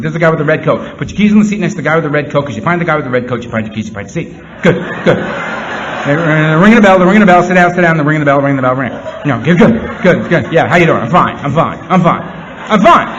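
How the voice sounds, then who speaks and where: A man giving a speech to a meeting room audience. He talks earnestly, slipping into rapid-fire repeated phrases. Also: fairly high pitch. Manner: animated, rapid-fire repetition; earnest, heartfelt. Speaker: recovery meeting speaker. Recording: slightly muffled, faint room hum.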